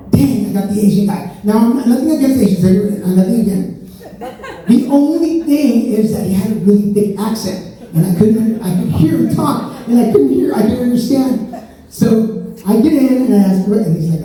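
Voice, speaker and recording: A man's voice: high voice, lively intonation, moderate pace, mellow. A man doing a stand-up comedy set, chatty and self-mocking, riffing with the crowd. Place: stage in an event hall. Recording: echoey hall, mic heard from a distance.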